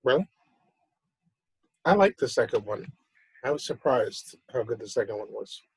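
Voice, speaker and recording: A man's voice: mid-range voice, very animated, moderate pace, slightly rough, dry recording, rough recording. A man co-hosting a podcast, chatting casually and laid-back, mostly giving short replies. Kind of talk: casual chat.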